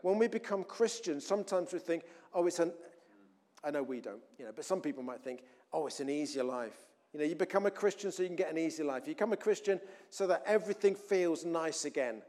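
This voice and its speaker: A man's voice: a little high, animated, a little fast. Chatty man preaching a sermon. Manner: conversational, with many restarts and swings between loud emphasis and quiet asides.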